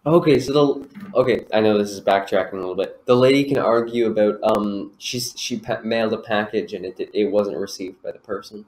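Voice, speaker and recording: A man co-hosting a podcast in casual chat, animated and joking, often acting out little bits. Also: on the low side, fairly quick, hardly any pauses, low-quality recording. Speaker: podcast co-host.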